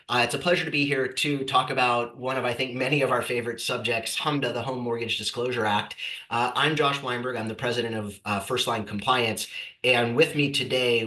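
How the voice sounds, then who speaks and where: A man's voice: medium pitch, bright, forceful tone, reverberant, low-quality recording. A man hosting a webinar, upbeat and conversational, his voice nasal and congested from a cold. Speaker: host and company president. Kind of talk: webinar presentation.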